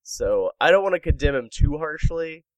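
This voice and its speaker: A man's voice: fairly high pitch, animated, moderate pace, dry recording, dull audio. A man hosting a comedy podcast in casual chat, reading out news stories and making puns. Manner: jokey, punning, reads out news stories. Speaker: podcast host.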